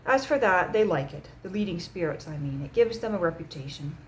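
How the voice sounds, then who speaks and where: A woman voicing a calm, measured man who leads a secret society, speaking gently and matter-of-fact in an audiobook reading. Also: lowish voice, a little hiss or hum, close to an everyday voice, poor audio.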